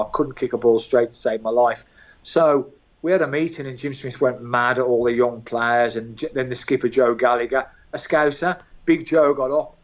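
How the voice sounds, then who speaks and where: A man's voice: medium pitch, lo-fi sound. Older man spinning self-mocking football stories. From England, Birmingham. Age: 60s. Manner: animated, self-mocking anecdotes. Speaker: guest, former footballer. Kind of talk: storytelling interview.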